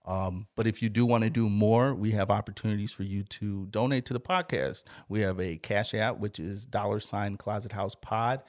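A man co-hosting a podcast in casual chat, reading out listener shout-outs and plugs. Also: lowish voice, steady tone, moderate pace, few pauses, dry recording, clean studio sound. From Chicago area. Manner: reads listener shout-outs hyped, like a strip-club announcer. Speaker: podcast co-host. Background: music.

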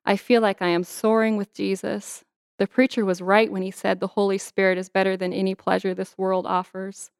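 A woman's voice: mid-range voice, level tone, a little fast, clean tone, no echo, clean studio sound. A young adult woman, an author, reading her memoir in an earnest, intimate way and answering interview questions.

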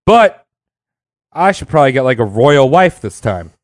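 A man's voice: mid-range voice, big pitch swings, moderate pace, no room sound, studio quality, pitched below the performer's own voice, close to an everyday voice. A man playing a crude, lusty king who talks in blunt, slangy bro speech.

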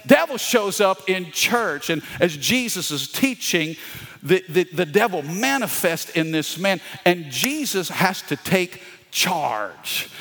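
A man's voice: fairly high pitch, fairly bright tone. A male pastor preaching a sermon with call-and-response and folksy asides. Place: church sanctuary. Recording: long hall reverb.

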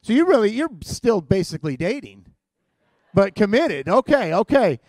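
A man's voice: high-pitched, sing-song, normal speed, darkish tone, no room sound. A man preaching as a guest in church, opening with playful, teasing, self-mocking humor to a live congregation.

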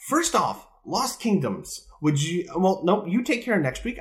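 A man's voice: high-pitched, sing-song, moderate pace, few pauses. Jokey man chatting on a podcast. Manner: jokey, rambling, playful. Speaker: podcast co-host. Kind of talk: casual podcast chat about retro games. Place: home room with open window.

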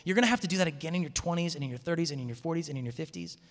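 Casting note: man, high voice, animated storyteller giving a casual sermon to a live audience, long hall reverb. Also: racing. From Seattle area, USA. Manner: animated storytelling, frequent restarts. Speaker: campus minister speaking to students. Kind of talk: conversational sermon talk.

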